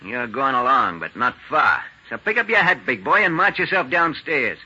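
A cool gangster boss. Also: male voice, medium pitch, sing-song, moderate pace, sharp tone, breathy edge, full character voice. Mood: threatening. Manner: hard-boiled, clipped slang. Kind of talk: 1940s radio acting. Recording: lo-fi old radio recording.

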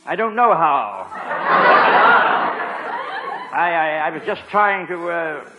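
A man's voice: fairly high pitch, big pitch swings, normal speed, lo-fi sound, very noisy. A man with an English accent playing a wry butler who stammers when flustered and drops dry wisecracks.

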